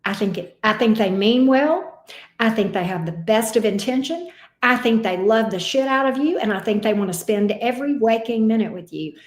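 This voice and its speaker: A woman's voice: fairly high pitch, expressive, normal speed, roomy sound. A woman giving a casual, emotional tarot reading. She talks expressively and swears now and then. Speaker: tarot reader.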